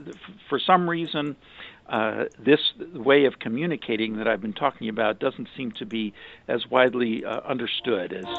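Give me a gravelly man explaining advice with a halting delivery, recorded dry. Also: medium pitch, dry recording. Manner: halting, many restarts and fillers. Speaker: relationship communication commentator. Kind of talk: casual talk, explaining advice. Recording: dry, phone-like narrow sound.

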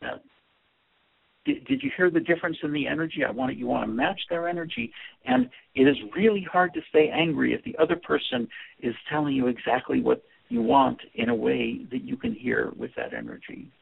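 This communication teacher talks fairly quickly and animatedly, his fairly high voice creaky and breathy. Earnest and instructional, he keeps repeating words for emphasis over tinny audio that resembles a phone line.

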